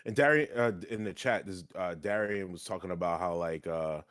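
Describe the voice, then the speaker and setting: This streamer, a young wrestling trainee, has a low, clean, slightly bright voice and speaks at a moderate pace. His casual chat is loose and profane, crammed with "like."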